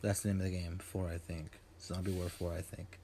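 A man's voice: sits low, level tone, brisk, noisy background. A young man hosting a podcast in casual chat, rambling and joking, swearing often and trailing off into fillers. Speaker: podcast host.

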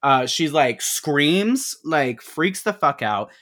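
A man in his twenties casually recapping a movie on a podcast, swearing freely and acting out the characters' lines in quick put-on voices. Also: fairly high pitch, lively intonation, a bit bright. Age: 20s. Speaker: podcast co-host.

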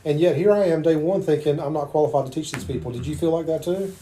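A man's voice: fairly high pitch, quick pace, mellow, a little hiss or hum. A man from eastern North Carolina with a Southern accent, interviewing a guest in a chatty, anecdotal way. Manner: chatty, affirming, tells anecdotes. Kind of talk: conversational interview.

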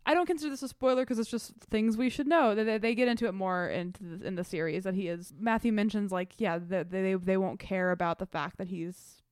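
A young woman co-hosting a podcast, recapping a TV episode in a casual, animated way, swearing freely and saying "like" a lot. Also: medium pitch, fairly quick, few pauses, smooth, no echo, studio quality. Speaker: podcast co-host. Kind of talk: casual chat recapping a TV show.

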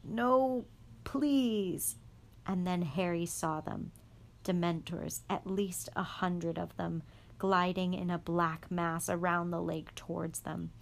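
A woman reading a chapter of a storybook aloud in a calm, even voice. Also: lowish voice, a little slow, creaky. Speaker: guest reader.

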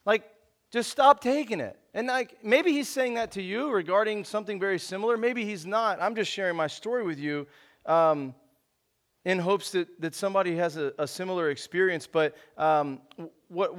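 Thirties guy, high voice, easygoing preacher who talks like he's chatting with friends. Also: moderate pace, fairly bright tone. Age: 30s. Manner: laid-back, conversational, says "man" a lot. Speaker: pastor. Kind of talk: casual sermon.

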